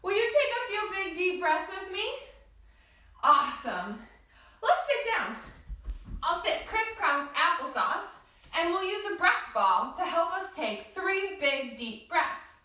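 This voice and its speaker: A woman's voice: extremely high pitch, very animated, slow, pushed and bright, heavy reverb, distant mic. A woman leading a yoga class for small children in a cheerful, sing-song way, talking straight to the kids. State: out of breath after dancing.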